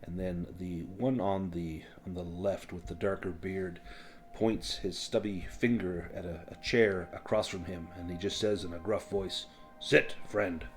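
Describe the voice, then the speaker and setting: Deep-voiced man narrating a tabletop game. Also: steady tone, soft background music. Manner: halting, casual narration with many fillers. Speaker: game master.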